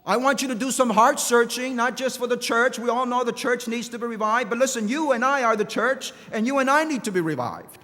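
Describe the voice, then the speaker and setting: A man's voice: very high voice, brisk, few pauses, sharp tone. A male pastor preaching a passionate sermon with repeated phrases and restarts. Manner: impassioned preaching with repetitions and restarts. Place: large church hall. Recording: long church hall reverb.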